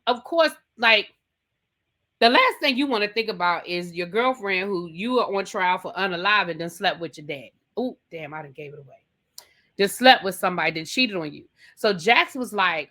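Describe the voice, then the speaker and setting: A woman's voice: mid-range voice, bright, forceful tone. A woman hosting a TV review channel, chatting through an episode recap in a dramatic, gossipy way and often calling the listener "baby". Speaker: TV review host.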